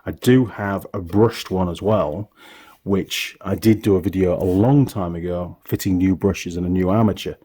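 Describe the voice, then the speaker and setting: Deep and mellow with a breathy edge, this middle-aged man from the UK speaks at a moderate pace with fairly even intonation. A mechanic with a workshop YouTube channel, he shows the tools in his home workshop in a casual, rambling way, correcting himself now and then.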